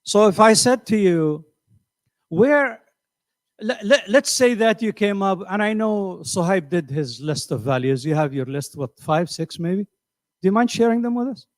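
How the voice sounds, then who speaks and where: In a classroom lecture, a middle-aged man teaches in a high, animated voice at a measured pace, questioning his students and repeating words while he works things out. The recording sounds dry.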